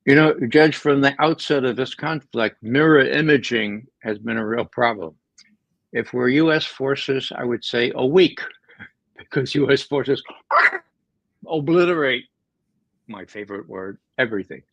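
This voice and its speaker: A man's voice: mid-range voice, a little slow, gravelly, no echo, highs cut off. A man speaking as a guest analyst in political commentary, emphatic, with frequent repeated words and restarts.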